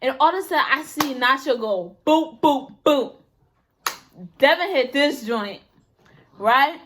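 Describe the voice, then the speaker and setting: High-voiced young woman, lively storyteller. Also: normal speed, slight background noise. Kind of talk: casual storytelling chat.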